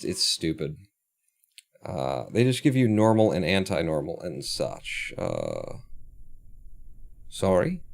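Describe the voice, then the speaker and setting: A man live-streams a space game, muttering and swearing at it with sarcastic frustration. His voice sits on the low side and is a little mellow, with a faint hiss or hum in the audio.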